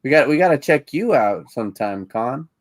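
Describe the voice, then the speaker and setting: A man co-hosts a casual live-streamed podcast in a mid-range, sing-song voice at normal speed. He rambles, repeats words as he restarts sentences, and laughs easily. The recording is dry.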